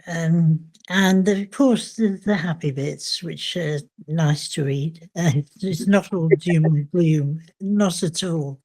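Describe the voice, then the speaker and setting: An older woman, a memoir author, speaking reflectively in an interview, thoughtful and hesitant with frequent pauses. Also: sits low, darkish tone.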